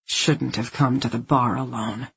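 A narrator playing a cold male abductor in an audiobook thriller, speaking in terse, flat, scornful lines. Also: medium pitch, measured pace, a little hiss or hum, close to an everyday voice. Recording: dull lo-fi recording.

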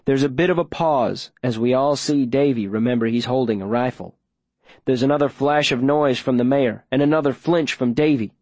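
A man narrating a first-person audiobook in a low, steady storytelling voice. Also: normal speed, dry recording.

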